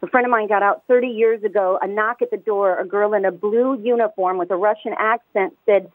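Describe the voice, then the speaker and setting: A woman calling in to a radio talk show, speaking fast and emphatically and often restarting her words. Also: mid-range voice, steady tone, no echo. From United States. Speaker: caller. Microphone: telephone. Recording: tinny phone line, dry.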